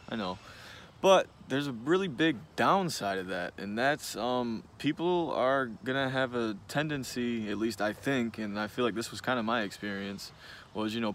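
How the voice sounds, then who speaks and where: A man's voice: lowish voice, fairly bright tone, a little hiss or hum. A man in his twenties who owns a service business, talking casually and frankly to the camera, rambling with lots of fillers. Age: 20s. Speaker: business owner, vlogger.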